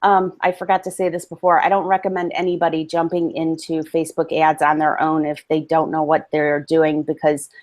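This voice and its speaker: Lower-voiced woman guest in an interview. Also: little pitch movement, fairly quick, hardly any pauses, darkish tone. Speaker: guest, book promotion company owner. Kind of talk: casual interview talk.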